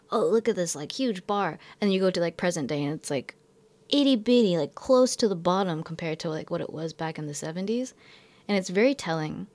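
A woman's voice: fairly low pitch, darkish tone. A young woman who teaches in Japan, telling a story in a casual vlog, rambling and filling her talk with "like" and self-corrections.

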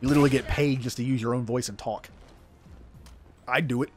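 A man's voice: mid-range voice, fairly even intonation, a little fast, faint music behind. A man chatting casually over gameplay, rambling and poking fun at himself. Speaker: gaming streamer. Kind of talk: casual let's-play commentary.

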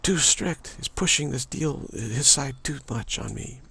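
A man's voice: medium pitch, lively intonation, measured pace, bright, forceful tone, breathy edge, pitched above the performer's own voice, full character voice. A man voicing a crying child who whines and complains in a raised, plaintive voice. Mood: whining. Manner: plaintive, whiny.

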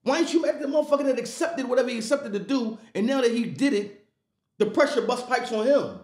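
A man's voice: extremely high pitch, expressive, quick pace, a little mellow, roomy sound. A man co-hosting a casual podcast discussion, talking emphatically and checking in with "right?" and "come on, man.". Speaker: podcast co-host.

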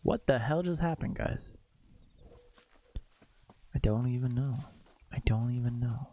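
A young man streaming a game live, reacting out loud, exclaiming and swearing as he talks to his chat. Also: mid-range voice, unhurried, dull audio, slight background noise. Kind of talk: live gameplay commentary.

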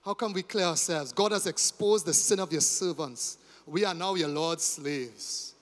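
A man preaching a sermon, telling the story dramatically and swinging from hushed tones to shouting. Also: on the high side, a little slow. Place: church. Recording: long church reverb.

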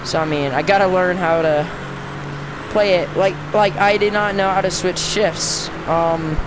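An unhurried, drawn-out voice narrates a racing game as they play, swinging from frustrated yelps to grumbling asides. The pitch sits mid-range for the speaker. Loud car engine noise from the game runs under everything. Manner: excitable, swings between frustrated outbursts and muttering. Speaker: gaming channel host. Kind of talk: casual gameplay commentary. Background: car engine and race sounds from the game.

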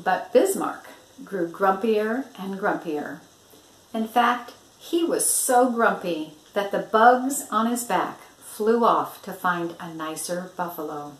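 An older woman, a grandmother, reading a picture book aloud in an expressive storytelling manner. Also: mid-range voice, takes it slowly. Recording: roomy echo.

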